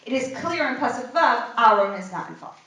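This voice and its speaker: A woman teaching a text study class in an animated way, putting rhetorical questions to the class in a classroom. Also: a little high, brisk, a little hiss or hum. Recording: echoey room, voice from far off.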